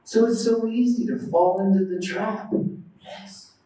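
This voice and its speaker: High-voiced preacher in an echoey hall. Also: male voice, normal speed. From United States. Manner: lively storytelling, acting out quoted voices; questions the audience. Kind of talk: devotional lecture. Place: temple hall. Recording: very echoey hall, mic at a distance.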